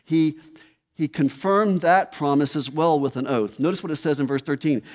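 A man preaching an expository sermon, emphatic, repeating key phrases and slowing down for weight. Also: a little high. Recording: long hall reverb.

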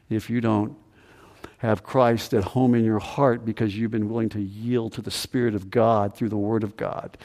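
Emphatic pastor preaching with hall reverb. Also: male voice, medium pitch, darkish tone. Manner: emphatic, repeats phrases, asks the congregation questions. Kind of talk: sermon. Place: church sanctuary.

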